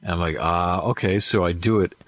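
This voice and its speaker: Brief: low-pitched man, voice actor guest, lively storyteller, dry close mic. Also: a little fast, no room sound. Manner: animated anecdotes with acted-out quotes. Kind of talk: casual interview storytelling.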